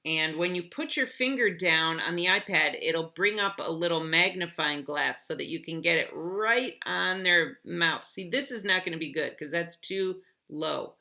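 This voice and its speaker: A woman teacher walking students through an app step by step, clear and encouraging. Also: on the low side, moderate pace, hardly any pauses, bright, forceful tone.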